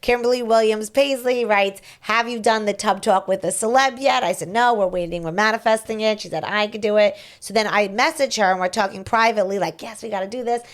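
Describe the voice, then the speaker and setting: A woman's voice: mid-range voice, brisk, few pauses. A woman podcast host in casual chat, telling a story with lots of back-and-forth and quoted messages.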